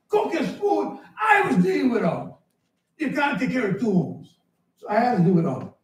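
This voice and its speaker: A man preaching a sermon as pastor, animated and storytelling, sometimes shouting. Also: extremely high pitch, moderate pace. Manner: animated, shouting at times, storytelling with acted dialogue. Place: church. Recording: echoey church hall, mic at a distance. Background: congregation answering.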